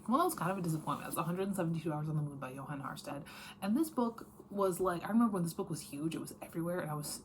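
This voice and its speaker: A woman with a low-pitched voice talks through her recent reads in a loose, chatty way, correcting herself as she goes. She is blunt and easygoing, and a faint hum of the room sits under her voice. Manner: chatty, frank, lots of fillers and self-corrections. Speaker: book vlogger. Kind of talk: casual reading wrap-up chat.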